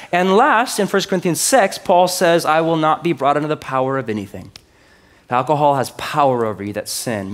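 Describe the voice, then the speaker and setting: A man in his thirties preaching a sermon in a loose, joking style, often checking in with his listeners. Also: medium pitch. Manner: conversational, joking, asks the crowd often. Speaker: pastor.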